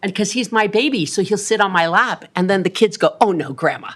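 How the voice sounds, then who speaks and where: A woman's voice: mid-range voice, a little fast. A woman in her sixties on the city council, giving a rambling, chatty report full of ums at a council meeting. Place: council chamber.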